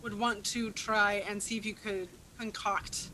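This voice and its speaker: A woman's voice: mid-range voice, flat delivery, unhurried, bright, forceful tone, a little hiss or hum, rough recording. A woman narrating a tabletop game as game master, laughing often and hesitating with fillers.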